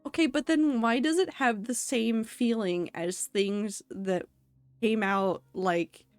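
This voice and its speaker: A woman's voice: fairly high pitch, takes it slowly, a little mellow. Chatty woman streamer over faint music. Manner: chatty, giggly, reads chat aloud. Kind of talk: casual gaming stream chat.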